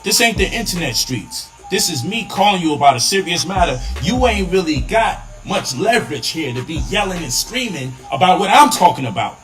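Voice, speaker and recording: Man, higher voice, very lively pitch, emphatic lecturing commentary for a live stream. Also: fairly quick, hardly any pauses, faint music behind, low-quality recording.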